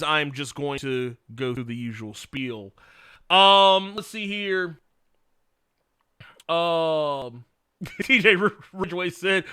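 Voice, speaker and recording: Excitable man with a sharp bright voice. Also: on the high side, clean tone, dry recording, clean studio sound. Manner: frank and excitable, laughs often, swears. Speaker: livestream host. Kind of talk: casual chat answering viewer questions.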